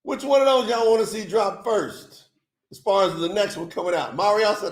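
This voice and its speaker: A man's voice: high-pitched, normal speed, echoey room. An upbeat man hosting a casual livestream, chatting with viewers and reading their comments aloud. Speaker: livestream host.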